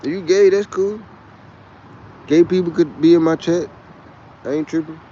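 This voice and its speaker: A man's voice: fairly high pitch, steady tone, normal speed, warm tone, lo-fi sound, slight background noise. A man with a Texas twang, chatting in a rambling, boisterous and profane way on a casual livestream. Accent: Texan. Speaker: livestream host.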